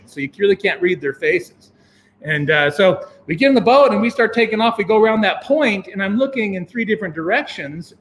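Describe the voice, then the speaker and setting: An American man casually telling a long story, acting out his own thoughts in a rambling, animated way. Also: slight background noise. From United States. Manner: animated, acts out his own past thoughts with sudden jumps in pitch; rambling, with many fillers and restarts.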